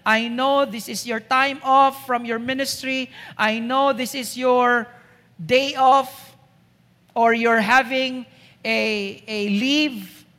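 Desperate begging mother played by a woman preacher, slow pleading delivery, hall echo. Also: fairly high pitch, steady tone, a bit bright.

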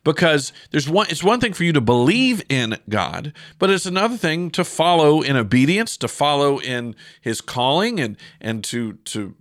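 Pastor chatting over scripture, dry sound. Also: male voice, a little high, sing-song, moderate pace, hardly any pauses, no echo. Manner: casual, conversational, with asides and fillers; reads scripture aloud. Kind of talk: podcast Bible teaching.

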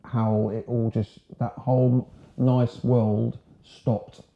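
A man's voice: mid-range voice, little pitch movement, slow pace, creaky. A man in his sixties from Sussex, England, a former marine telling his story in a casual, frank, rambling way. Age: 60s. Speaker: guest, ex-marine. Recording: roomy, dull lo-fi sound.

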